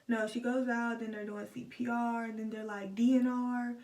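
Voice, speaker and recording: A woman's voice: on the high side, level tone, moderate pace. A young adult woman talking candidly to her phone camera in a storytime vlog, with lots of swearing and "like" fillers. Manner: raw, candid, profane, heavy filler "like". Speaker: vlogger. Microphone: old phone camera. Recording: roomy sound from a distant phone.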